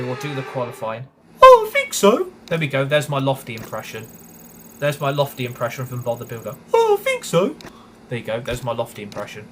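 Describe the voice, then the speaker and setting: A man's voice: mid-range voice, a bit bright, slight background noise. A young British man streaming a racing game, chatting casually, grumbling and swearing when frustrated. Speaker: gaming streamer. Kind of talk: live gameplay commentary.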